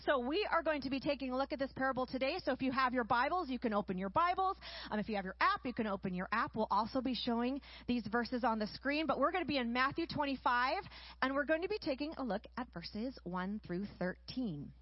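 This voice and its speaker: A woman preaching a sermon, enthusiastic and often checking in with a quick "right?". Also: high voice, expressive, no echo, muffled recording.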